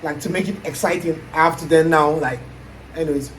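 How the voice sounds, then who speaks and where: A man's voice: a little high, fairly even intonation, fairly quick, a bit bright, slight background noise, low-quality recording. Musing Nigerian man, casual talk. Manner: musing, thinking aloud with frequent trailing asides. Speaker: aspiring YouTuber. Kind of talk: casual reflective chat.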